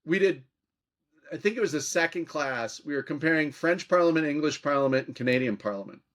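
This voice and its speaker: This man's voice sits a touch higher than most. He talks chattily as a guest, spinning anecdotes and playing out both sides of the conversations he recalls. His pace moves along loosely with asides and restarts. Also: expressive, a little fast, a bit bright. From Minnesota. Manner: chatty, anecdotal, acts out quoted exchanges. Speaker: political commentator, guest. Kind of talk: storytelling interview talk.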